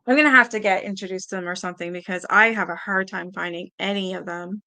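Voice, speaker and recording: A woman hosting a live-stream panel, chatting casually and reading viewer comments aloud with quick asides. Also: mid-range voice. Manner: chatty, animated, quick asides and little laughs.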